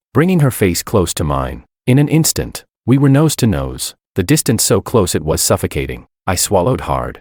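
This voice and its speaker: A man narrating a dramatic first-person romance story in an expressive storytelling manner. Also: low voice, no room sound, studio quality.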